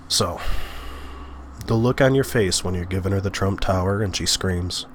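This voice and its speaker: A man's voice: low voice, moderate pace, a little hiss or hum. A man giving political commentary in a vlog, sarcastic in tone and sighing between his points.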